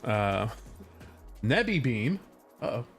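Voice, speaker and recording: A man's voice: mid-range voice, sing-song, slow, faint music behind. An American man from California chatting casually on a live stream while he works, rambling and correcting himself as he goes. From California, USA. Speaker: livestreamer and game developer.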